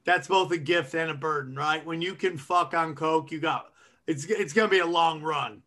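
A man's voice: a little high, moderate pace, pushed and bright. A man co-hosting a comedy podcast, chatting in a loose, joking, profane way and calling people dude and man. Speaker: podcast co-host. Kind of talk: casual comedic chat.

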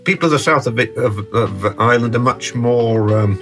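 A man in a casual chat, speaking unhurriedly and halting often with fillers as he tells stories. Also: medium pitch, a bit bright, faint music behind.

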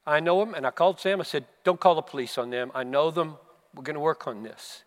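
Fervent older man preaching in a hall. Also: brisk. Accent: American. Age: 70s. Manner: impassioned, surging to emphatic peaks then dropping low. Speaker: pastor. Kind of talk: sermon. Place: conference hall.

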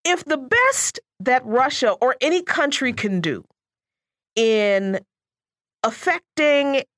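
A woman co-hosting a political talk radio show, speaking in an animated, emphatic way and often laughing while she talks. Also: high voice, slow pace, no echo, studio quality.

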